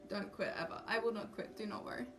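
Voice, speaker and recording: A young cosplay livestreamer talks quickly in a mid-range, slightly bright voice, chatting casually with her viewers. She's self-mocking and easily sidetracked, recorded from a distant mic with background music.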